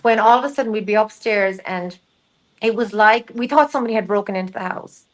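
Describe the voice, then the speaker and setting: Animated middle-aged woman telling a story. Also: mid-range voice, quick pace, rough recording. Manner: animated storyteller, acts out quoted voices. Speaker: guest medium. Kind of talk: casual storytelling interview.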